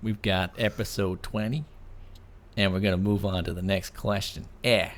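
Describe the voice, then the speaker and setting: A man's voice: low-pitched, fairly even intonation, pitched above the performer's own voice, natural voice. A man doing a jokey fake Canadian accent. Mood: joking. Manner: jokey, drawn-out "eh".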